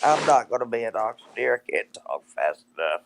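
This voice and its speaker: A woman's voice: a bass voice, very animated, brisk, gravelly, background noise. Teasing, rambling older woman. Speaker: guest, mother of the host. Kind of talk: casual live-stream chat.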